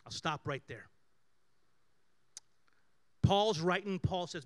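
With a voice that sits high, this male pastor speaks slowly and leaves long pauses. His conversational sermon is built on personal stories, swinging animatedly between loud bursts and quiet asides.

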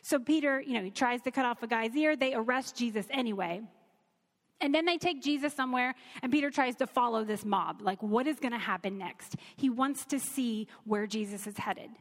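Female Bible teacher, conversational and earnest, slightly high voice. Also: normal speed, big-room sound. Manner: earnest, conversational, reads scripture aloud.

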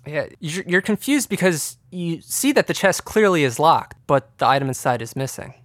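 A man narrating as game master of a tabletop game, loose and halting with fillers. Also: a little high, animated, a bit bright, no room sound, studio quality.

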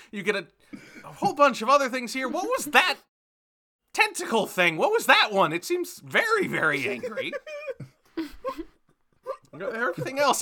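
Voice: medium pitch, bright, forceful tone, husky, heavily acted. A game master voicing a fussy middle-aged mother who rants at her son and then politely hosts his friends.

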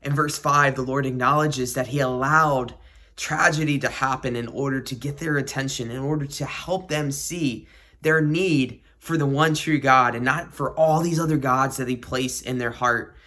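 A man's voice: medium pitch, steady tone, moderate pace, bright, forceful tone. A man hosting a devotional podcast, praying and reading scripture in a reflective, earnest way and repeating key phrases. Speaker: podcast host.

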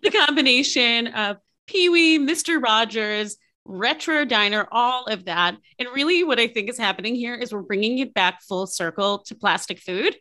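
A woman's voice: on the high side, lively intonation, moderate pace, few pauses, sharp tone. A woman hosting a podcast interview, chatting casually and gushing with enthusiasm. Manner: effusive, enthusiastic. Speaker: podcast host.

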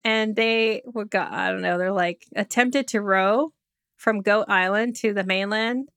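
A chatty woman co-hosting a podcast, trading jokes as she reads out facts. Her voice sits at a middle pitch. The recording is dry and close, with no room sound. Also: fairly even intonation, a little slow, fairly bright tone, smooth, dry recording. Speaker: podcast co-host. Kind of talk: casual chat.

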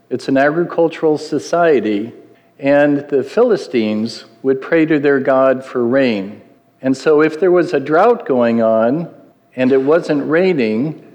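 A man's voice: medium pitch, darkish tone, muffled recording. A middle-aged man delivers a sermon in an earnest, teaching tone. He often stops to put questions to the congregation. His voice sits in the middle of the male range and trails off into the long echo of a hall. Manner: earnest, asks the listeners questions. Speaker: preacher.

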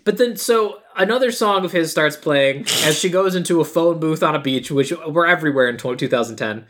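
A woman's voice: low-pitched, expressive, a little fast. A woman co-hosting a podcast in casual chat, retelling a movie scene with voiced quotes and a lot of "like". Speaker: podcast co-host.

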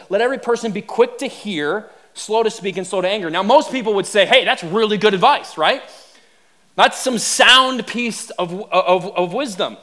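A male pastor leading a prayer and preaching a sermon, earnest and often restarting his phrases as he builds to animated emphasis. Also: sits high.

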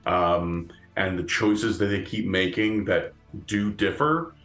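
Male podcast co-host: slow, low-ish voice, rambling casual talk in a roomy-sounding space. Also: steady tone, fairly bright tone, faint music behind. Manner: rambling, many fillers and restarts, laughs often. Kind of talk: casual chat.

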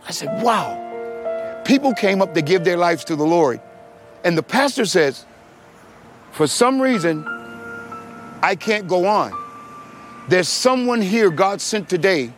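High-voiced man preaching his testimony. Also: measured pace, long pauses. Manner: animated storytelling, acting out voices. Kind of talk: sermon testimony. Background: music.

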